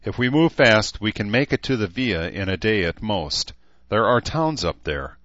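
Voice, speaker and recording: A man's voice: lowish voice, sing-song, moderate pace, fairly bright tone, no room sound, dull audio. A man voicing a tired, bitter middle-aged mother who has been through a lot. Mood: weary.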